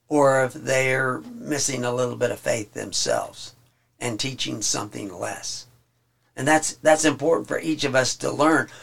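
Gravelly man teaching a Bible study. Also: mid-range voice, a bit bright. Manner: reads scripture aloud slowly, then explains in plain talk with many restarts.

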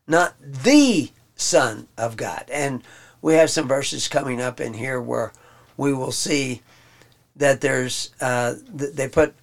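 A man giving an informal Bible study lesson. He pauses often, restarts his sentences and explains the text word by word. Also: medium pitch, gravelly, fairly bright tone. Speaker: Bible teacher.

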